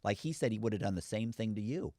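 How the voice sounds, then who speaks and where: A man's voice: on the low side, expressive, fast talker, warm tone, dry recording, studio quality. A man, a former con man, talking candidly in a casual podcast conversation and acting out quoted voices.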